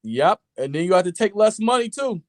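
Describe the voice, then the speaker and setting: A man's voice: sits high, big pitch swings, brisk, no echo. A man co-hosting a casual sports chat, chiming in and laughing along.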